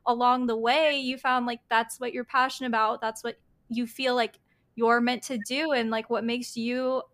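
A woman's voice: on the high side, level tone, moderate pace, fairly bright tone. A young adult woman hosting a podcast, gushing and peppering her speech with "like". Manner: gushing, heavy use of filler "like". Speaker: podcast host. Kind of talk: casual podcast conversation.

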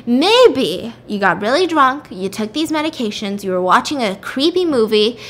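A woman plays a skeptical female detective who talks down to the witness. The voice stays bright and a little raised as she lectures. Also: on the high side, very animated, normal speed. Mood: condescending. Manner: condescending, lecturing.

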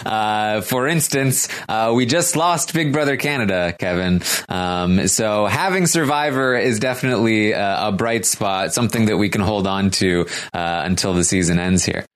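A man co-hosting a podcast, speaking softly and haltingly with many pauses and fillers. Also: on the low side. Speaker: podcast co-host. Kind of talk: casual podcast chat.

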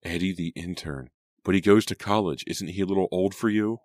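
A worried teenage girl talks softly and dryly, scolding a friend, as a man reads her part in a storybook. The voice stays very deep, close and dry. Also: fairly quick, no room sound. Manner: soft and low, scolding.

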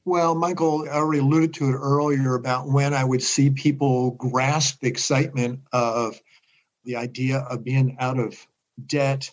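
An older man telling stories as a guest in a casual interview, animated and acting out the voices of the people he quotes. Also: medium pitch, normal speed, poor audio.

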